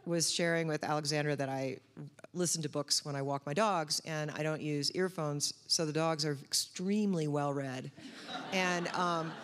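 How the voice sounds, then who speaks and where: A woman's voice: deep voice, steady tone, moderate pace. A woman interviewing a guest, asking questions in a playful, joking way. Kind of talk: conversational interview. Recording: long hall reverb.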